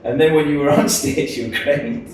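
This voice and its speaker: A man chatting casually as a podcast co-host, telling lively stories and mimicking his friend. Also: fairly high pitch, moderate pace, crowd noise. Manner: animated storyteller, mimics others with laughter. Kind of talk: casual chat. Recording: roomy, distant mic.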